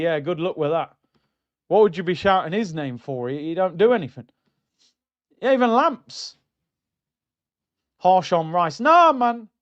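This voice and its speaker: A middle-aged man hosting a casual football fan live stream, reading viewer comments in an animated, mocking way. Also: muffled recording. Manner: animated, mocking, jumps into high exclaims.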